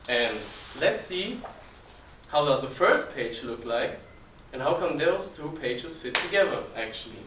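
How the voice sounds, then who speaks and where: Twenty-something guy giving a talk, slightly high voice, echoey room, faint hum. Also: animated, a little slow, bright, forceful tone. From Germany. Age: 20s. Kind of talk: informal presentation to an audience. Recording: echoey room, distant mic, faint ambience.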